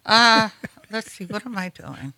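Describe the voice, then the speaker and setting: A woman co-hosting a radio talk show, chatting casually in a relaxed, plain-spoken way. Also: medium pitch, unhurried, no room sound, poor audio. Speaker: radio co-host.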